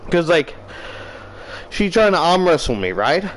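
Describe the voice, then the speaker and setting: Young aussie guy rambling through a story while gaming, says like and right constantly, swears, bit of a higher voice. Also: sing-song, a little slow, a little hiss or hum, low-quality recording. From Australia. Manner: rambling, swears a lot, full of likes and rights. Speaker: gaming YouTuber.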